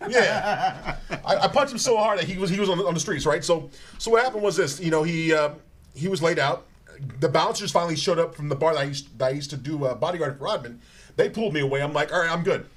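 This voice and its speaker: A man telling rambling, animated comic stories on stage as a guest, stumbling over his words and laughing as he goes. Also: on the high side, quick pace. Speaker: guest comedian. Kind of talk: live comedic storytelling.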